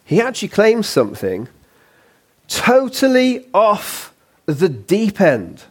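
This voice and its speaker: A man's voice: high-pitched, huge pitch swings, takes it slowly, slightly rough. A man preaching a sermon in a church, conversational and playful, with humorous asides.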